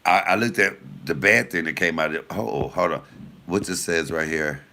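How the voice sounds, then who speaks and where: Male comedian, low gravelly voice, bright edge, casual storytelling, talks to viewers. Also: moderate pace. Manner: animated, profane, laughing storyteller; addresses viewers directly.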